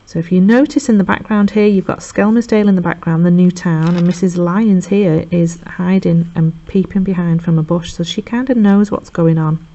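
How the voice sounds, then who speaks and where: With a mellow voice on the low side, a female teacher recaps a play for revision in a chatty way, jumping into quick voices for the characters' lines. The recording sounds dull and lo-fi.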